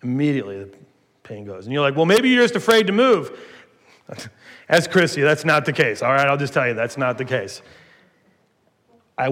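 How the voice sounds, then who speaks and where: A man preaching a sermon as a pastor, telling personal stories with animated emphasis and folksy asides. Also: mid-range voice, in a large hall.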